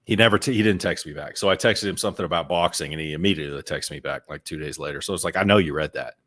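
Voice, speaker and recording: Man, very deep voice, podcast co-host, casual chat, repeats words, storytelling. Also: rapid-fire, a bit bright. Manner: repeats words while hunting for a thought, storytelling.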